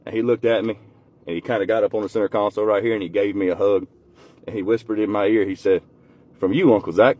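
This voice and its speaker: A man telling a personal story in a casual, folksy way, swearing now and then and going quiet and soft at the emotional parts. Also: little pitch movement, fast talker, muffled recording. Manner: folksy, swears casually, voice drops low and soft when moved. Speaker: storyteller uncle.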